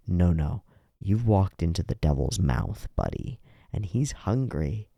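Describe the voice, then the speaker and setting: A man's voice: deep voice, very animated, unhurried, gravelly, mellow, no room sound, clean studio sound. A man hosting an anime reaction video, speaking bluntly and emphatically, with some swearing. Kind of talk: reaction commentary.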